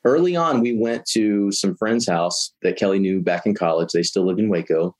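A man's voice: low voice, normal speed. A man from Georgia, a talkative guest telling a long story in an interview. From Georgia, USA. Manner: chatty, lively storyteller.

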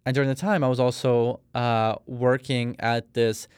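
A man's voice: mid-range voice, flat delivery, normal speed, darkish tone, smooth, no echo, clean studio sound. A man in his thirties from Russia, a podcast guest telling a personal story in a rambling, casual way with many fillers. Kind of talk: casual interview talk.

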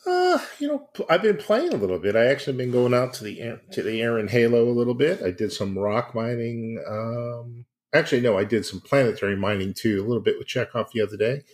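A man's voice: mid-range voice, very animated, brisk, hardly any pauses. A man co-hosting a podcast, chatting in a rambling way with many fillers and self-corrections. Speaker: podcast co-host. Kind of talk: casual podcast chat.

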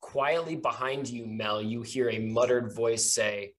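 A man narrating as game master in a tabletop game podcast, relaxed and hesitant, laughing often. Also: mid-range voice, measured pace, few pauses, a little hiss or hum.

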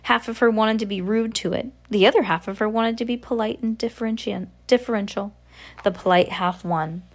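A woman reading a novel aloud in a steady voice, now and then slipping and correcting herself. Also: on the high side, fairly quick. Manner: steady reading with occasional slips and self-corrections. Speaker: audiobook reader.

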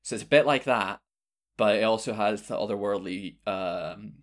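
A man narrating as game master of a tabletop game, unhurried and hesitant, with many fillers. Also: lowish voice.

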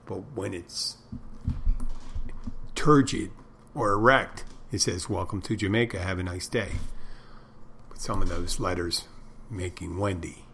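A man's voice: low-pitched, a little slow, vocal fry, pauses often, a bit bright, slight background noise. A middle-aged man hosting a podcast, rambling through stories and crude jokes in a casual monologue. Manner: meandering storyteller, tells crude jokes. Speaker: podcast host.

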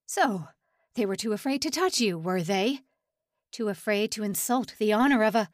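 A woman's voice: medium pitch, animated, normal speed, no echo, studio quality, close to an everyday voice. A woman voicing a cruel male prison official with a nasal voice who rages and mocks. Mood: mocking. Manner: raging, mocking.

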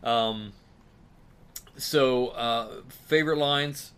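A man's voice: medium pitch, drawn-out words, a bit bright, clean tone. A man hosting a casual movie chat, rambling and laughing often as he trails off. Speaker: podcast host.

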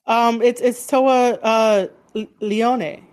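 A woman's voice: on the high side, steady tone, slow pace, a little mellow, clean tone. Chatty woman interviewer, lots of fillers. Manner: rambling, filler-heavy, laughing easily. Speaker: interviewer, podcast host. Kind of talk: casual interview talk.

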